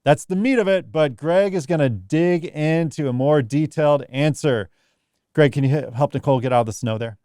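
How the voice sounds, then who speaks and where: Man, podcast host, jokey and rambling, fairly high voice, smooth and clear, dry close mic. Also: moderate pace, mellow, no echo. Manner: playful, joking, rambling asides. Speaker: podcast host reading listener mail. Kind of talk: casual podcast banter.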